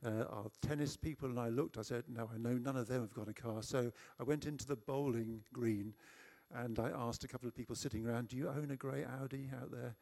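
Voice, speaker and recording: A man's voice: mid-range voice, fairly even intonation, brisk, gravelly, darkish tone. A middle-aged man preaching a sermon, telling a personal story in a chatty, self-deprecating way.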